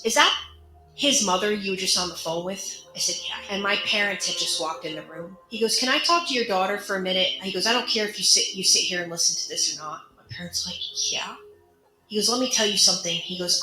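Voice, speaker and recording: A woman's voice: mid-range voice, fairly quick, bright, forceful tone, echoey room, soft background music, low-quality recording. A woman telling her own story of abuse in an earnest, emotional way, acting out what others said. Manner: earnest, emotional retelling with quoted dialogue. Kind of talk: personal storytelling.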